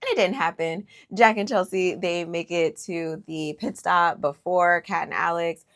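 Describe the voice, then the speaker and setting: A woman's voice: fairly low pitch, a little slow. A woman giving a casual, opinionated recap of a reality show, chatty and full of fillers. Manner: opinionated, animated, lots of fillers. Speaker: recap host.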